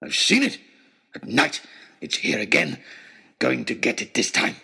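A man voicing a wild, ragged, furious male hunter who shouts and menaces, in a storybook reading. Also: medium pitch, huge pitch swings, measured pace, gravelly, husky, full character voice. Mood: ranting.

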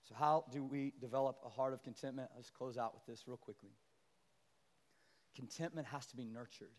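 A male pastor preaching a sermon to his church, animated and building to loud, emphatic peaks as he calls out to the congregation. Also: mid-range voice, a little fast. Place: large church sanctuary. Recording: long church hall reverb.

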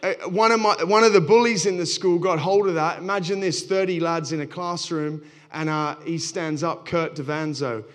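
A pastor telling stories from the pulpit in a frank, self-mocking way. His voice sits a little high for a man. He talks straight to the congregation. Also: fairly even intonation, normal speed, few pauses. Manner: candid storytelling, self-deprecating. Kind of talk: sermon.

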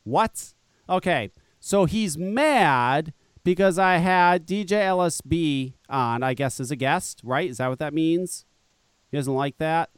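A man's voice: a little high, slow, clear, resonant tone, no echo. A man hosting a live podcast, ranting angrily and swearing as he mocks the people he talks about. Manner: angry, mocking, swears, laughs at critics. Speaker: podcast host. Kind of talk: profane ranting live show.

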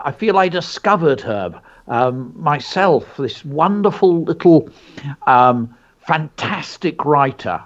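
A man co-hosting a children's show, speaking in an enthusiastic, teacherly way and stressing words carefully. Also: mid-range voice. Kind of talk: educational chat for children. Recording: dull lo-fi sound.

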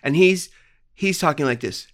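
Bright-voiced chatty male podcast co-host. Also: on the high side, animated, moderate pace. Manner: chatty, gossipy, swears casually. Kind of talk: casual chat.

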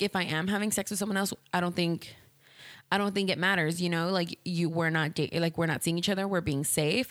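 A woman talks straight into a close, dry mic, hosting her own podcast. Her voice sits a bit low, and she rambles candidly, padding her sentences with "like" and restarting often. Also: no room sound. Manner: candid, rambling, heavy use of "like". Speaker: podcast host. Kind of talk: casual solo podcast storytelling.

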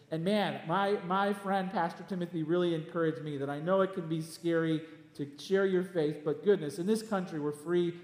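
A man preaching a sermon as pastor of his church, emphatic and animated, with quick asides. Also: a little high. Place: church hall. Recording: echoey church hall.

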